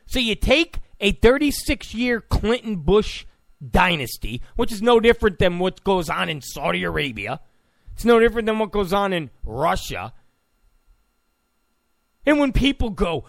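A man's voice: high voice, big pitch swings, unhurried, creaky, dry recording, clean studio sound. A man delivering a political opinion monologue in an emphatic, repetitive, ranting way. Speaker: political commentator.

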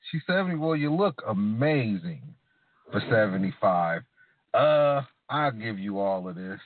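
A man co-hosting a podcast, trading casual profane opinions and slowing down to stress his points. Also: on the low side, very animated, no room sound. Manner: drawling, opinionated, slows down for emphasis. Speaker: podcast co-host. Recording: dry, tinny phone-like sound.

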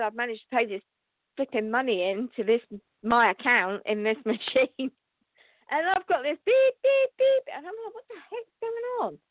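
A woman hosting a spiritual talk show, telling a story to her listeners in a chatty, excitable way with restarts and laughter. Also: a little high, dry recording. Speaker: show host and psychic reader. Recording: tinny phone-line sound.

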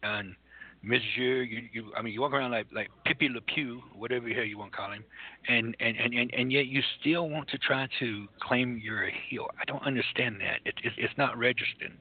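On a tinny, lo-fi recording that sounds like a phone, a comedy radio co-host speaks fairly quickly in a husky, medium-pitched voice. He stammers in exasperation while conducting a mock interview with a guest.

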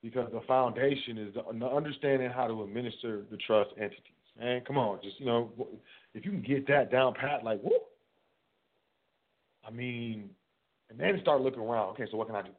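A man's voice: mid-range voice, a little fast. A man hosting a casual solo talk, rambling and repeating words as he acts out little conversations. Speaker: host. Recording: tinny phone-like sound.

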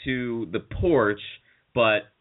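A man's voice: medium pitch, drawn-out words, slight background noise. Rambling man telling a story, tinny audio. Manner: rambling, profane anecdotes with acted-out quotes. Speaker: podcast co-host. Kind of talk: casual storytelling chat.

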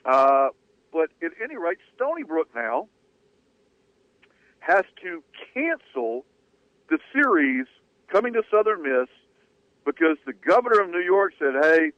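A man's voice: sits high, sing-song, a little slow, long pauses, dry recording. A man co-hosting sports talk radio, telling a story in a loose conversational way. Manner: conversational, hedging with fillers. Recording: dry tinny phone-like radio audio.

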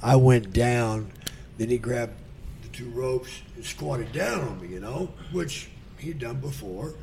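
Gravelly older man telling profane stories. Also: medium pitch, a little slow, warm tone, slight background noise. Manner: profane, drawling storyteller, acts out voices. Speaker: guest. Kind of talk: casual storytelling.

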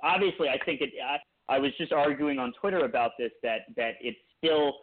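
A man co-hosting a podcast talks in loose, casual chat, rambling through his points with many restarts. His voice sits at a middle pitch. The sound comes over a tinny phone-like line. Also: a little fast, slight background noise. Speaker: podcast co-host.

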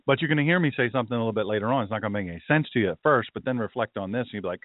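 A man's voice: fairly low pitch, animated, very fast, hardly any pauses, no echo. A male pastor hosts his show in a loose, rambling monologue, drifting into asides and then picking up his point again. The sound is narrow like a phone line and completely dry, with no room in it. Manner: rambling, with conversational asides and restarts. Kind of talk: casual podcast monologue.

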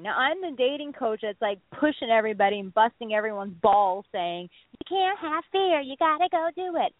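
A woman in her thirties, a dating coach, telling a story in casual radio chat, animated and full of "like". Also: mid-range voice. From Texas. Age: 30s. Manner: animated, acts out quotes, lots of "like". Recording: tinny phone-line sound, dry.

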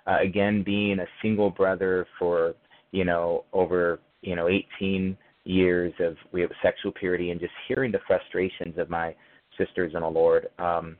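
A man being interviewed as an author, speaking earnestly and steadily with frequent fillers. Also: sits low. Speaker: author and guest. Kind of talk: faith-based interview. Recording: tinny phone line.

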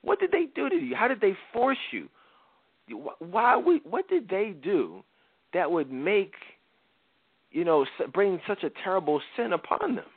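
A man's voice: high voice, big pitch swings, unhurried, breathy edge, no echo, voice pushed up, full character voice. A man voicing Moses as an angry prophet who grills his brother with exasperated questions in casual slang. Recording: dry thin phone-like sound.

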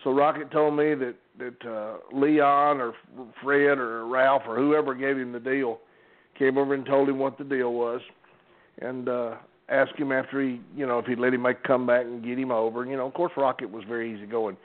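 A man's voice: medium pitch, steady tone, moderate pace. An older man, a former wrestling referee telling folksy anecdotes with many restarts. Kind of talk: casual storytelling on a podcast. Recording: phone-like narrow sound.

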